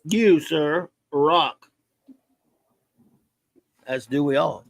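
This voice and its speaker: A man's voice: fairly high pitch, very slow, gravelly, no room sound. A man hosting a casual live-stream review, rambling and joking as he reads viewer chat aloud. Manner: rambling, joking, stumbles over words. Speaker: show host reading viewer chat.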